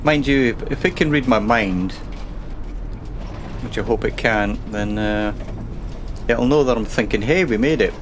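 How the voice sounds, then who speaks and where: Guy streaming a bus game, just chatting away to his viewers, normal pitch, bit of hiss behind. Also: measured pace, long pauses. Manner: chatty, rambling, talks to himself and chat. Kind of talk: casual gaming commentary.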